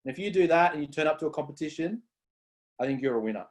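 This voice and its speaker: A man co-hosting a casual podcast, explaining ideas in an earnest, measured way. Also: a little high, animated. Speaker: co-host.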